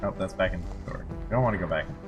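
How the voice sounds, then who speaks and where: A man's voice: low voice, fast, music in the background. A man streaming a game, giving playful, teasing, casual commentary. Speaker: gaming streamer.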